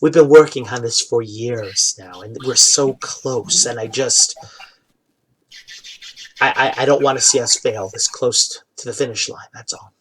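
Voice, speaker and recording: A man playing a businesslike young woman who lays out the terms of a deal. She speaks quietly and practically, in the game master's own plain voice. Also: mid-range voice, husky, low-quality recording. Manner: brisk and practical, quietly spoken.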